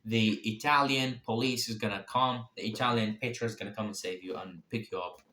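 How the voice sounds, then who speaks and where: A man's voice: on the low side, fairly even intonation, a little fast, sharp tone, distant mic. A man playing a rescue boat crewman who talks in plain, broken English. His phrases come short and simple. The voice sits in an echoey room. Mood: reassuring.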